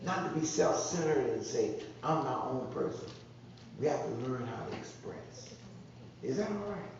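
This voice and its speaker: A man's voice: mid-range voice, sing-song, moderate pace, vocal fry, far from the mic, noisy background. A man preaching a conversational sermon, repeating phrases and drawing responses from the congregation. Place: church sanctuary. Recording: echoey muffled church sound from afar.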